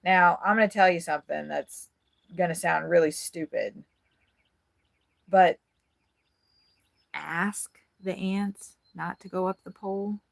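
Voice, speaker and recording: A woman's voice: lowish voice, fairly even intonation, slow, creaky, pauses often, dry recording, studio quality. A woman vlogger giving a rambling, frank tour of her RV, chatting casually and swearing freely. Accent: Midwestern American. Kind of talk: casual chat. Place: inside an RV.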